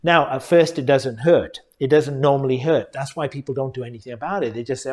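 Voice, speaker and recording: A man's voice: medium pitch, a little fast, few pauses, darkish tone. A middle-aged male dentist giving an earnest educational talk, speaking directly to viewers and calling them folks.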